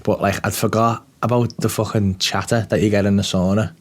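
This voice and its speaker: A man's voice: on the low side, level tone, brisk. A man co-hosting a podcast, telling a story in casual chat, swearing freely and laughing through it. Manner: swears a lot, laughs through his stories, mimics people he quotes. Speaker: podcast co-host.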